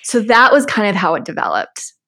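A woman's voice: mid-range voice, wildly swooping pitch, a little fast, pushed and bright. Young american woman guesting on a podcast, easy chatty talk, laughs a lot, lots of likes. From United States. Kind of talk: casual interview conversation.

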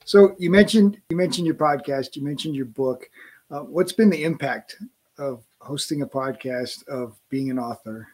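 A man's voice: medium pitch, moderate pace, darkish tone. A man hosting a podcast, affirming his guest briefly and asking follow-up questions. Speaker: podcast host. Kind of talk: interview questions.

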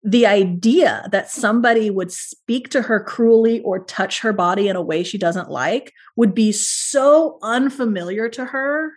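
This is a woman at a middle pitch, guesting on a podcast. She sounds earnest and thoughtful, and her reflections roll on in long, connected runs. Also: measured pace, few pauses. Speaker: guest, parent talking about parenting. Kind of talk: podcast interview conversation.

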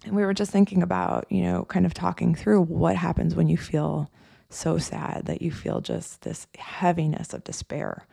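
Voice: medium pitch, flat delivery, normal speed, creaky, mellow, breathy edge, no echo, studio quality. A coach hosting a podcast, talking in a loose, conversational way with frequent "you know" and "right?" asides. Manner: conversational, many fillers and tag questions. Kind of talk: casual podcast monologue.

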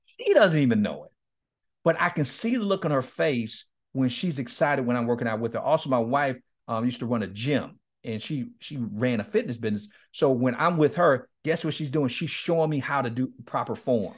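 A man's voice: medium pitch, expressive, normal speed. A middle-aged man, a guest speaker, telling candid stories in an interview, laughing often and acting out quoted dialogue. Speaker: guest speaker and men's ministry leader. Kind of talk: candid storytelling in a podcast interview.

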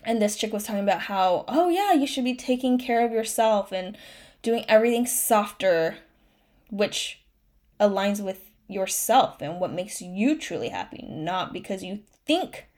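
Young woman host, raw solo talk, tearful, self-encouraging, mid-pitched voice. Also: expressive, measured pace, darkish tone. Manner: candid, self-encouraging, with frequent fillers and restarts. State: tearful at times. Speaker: podcast host. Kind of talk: emotional solo podcast monologue.

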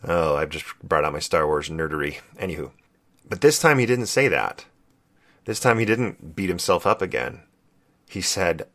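A man with a low, deep voice shares a family story on his podcast. He speaks earnestly and reflectively, with a quiet emotion running underneath. He sounds like he is in his thirties. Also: lively intonation, moderate pace. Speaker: podcast co-host. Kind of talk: personal storytelling.

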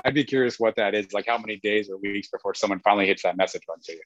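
A man talking fast and rambling as a guest in a casual podcast conversation, often restarting his sentences. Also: lowish voice, no room sound. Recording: dull lo-fi dry sound.

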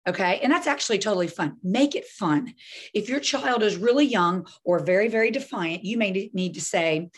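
A woman parenting coach talking through a group coaching session, lively and often acting out scenarios. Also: medium pitch, normal speed, breathy edge. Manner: lively, acts out scenarios with voices.

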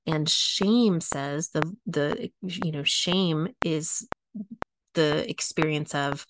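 A middle-aged woman teaching a coaching lesson, walking through a chart at a slow, measured pace and repeating her phrases. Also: sits low, background noise. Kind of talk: teaching talk, reading a chart aloud.

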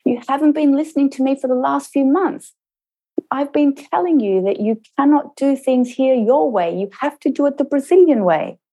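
As a woman acts her out, an upset female coworker pleads in a high, strained voice. The tone stays warm and mellow, and each line sounds close to tears. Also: animated, moderate pace. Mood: tearful, insistent. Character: upset Brazilian woman colleague, tearful.

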